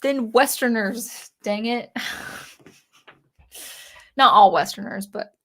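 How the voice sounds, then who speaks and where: A woman's voice: on the high side, slow, a bit bright. A woman hosting a casual livestream for a music channel, reading viewer comments and rambling with frequent restarts.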